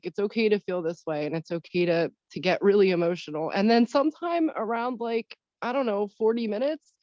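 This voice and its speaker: A woman taking part in a breathwork session shares her experience on a video call, speaking candidly and haltingly while she searches for words. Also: on the low side, dry recording. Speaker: session participant. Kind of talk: personal sharing on a video call. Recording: dull, dry video-call audio.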